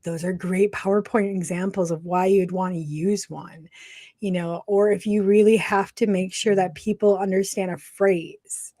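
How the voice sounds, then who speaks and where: A middle-aged woman co-hosting a casual podcast, talking in an animated, chatty way and laughing often. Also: medium pitch, moderate pace. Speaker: podcast co-host.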